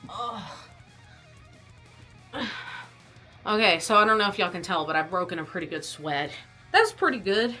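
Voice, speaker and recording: A woman's voice: mid-range voice, very animated, normal speed, long pauses, bright, forceful tone, soft background music. A young woman vlogging casually about her fitness test, chatty and rambling, coughing and out of breath. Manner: chatty, rambling, self-deprecating.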